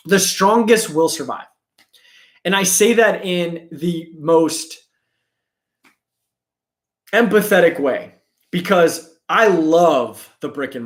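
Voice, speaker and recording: Animated male host of a live chat stream, lively pitch, echoey room, keeps acting out other people. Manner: animated, acts out quick impressions of sellers and customers.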